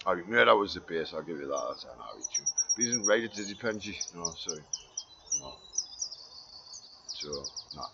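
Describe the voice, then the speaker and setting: A man's voice: low-pitched, animated, moderate pace, creaky, long pauses, lo-fi sound, very noisy. A man in a sweary, rambling monologue that swings between muttering and ranting.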